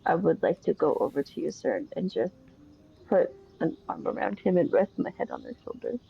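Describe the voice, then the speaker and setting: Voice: medium pitch, sing-song, moderate pace, gravelly, husky. Hesitant player on a dull lo-fi mic. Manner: hesitant, chatty. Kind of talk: casual tabletop play.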